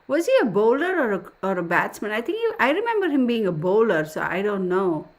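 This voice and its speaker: A middle-aged woman talks casually to her livestream viewers, hosting a tarot show. She tells stories in a chatty, excitable manner, her voice sitting in an ordinary middle range. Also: medium pitch, fairly quick.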